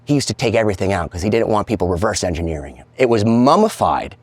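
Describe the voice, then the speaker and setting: A man's voice: fairly low pitch, sing-song, fast talker, husky, dry recording. A guitar collector telling a story with enthusiasm as he builds to a reveal.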